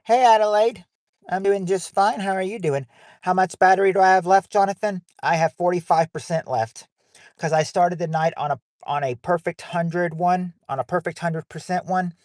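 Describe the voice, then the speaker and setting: A man's voice: high voice, fairly even intonation, normal speed, dry recording, studio quality. A man hosting a livestream game night on his phone in a casual, rambling way, reading out viewers' names and answers.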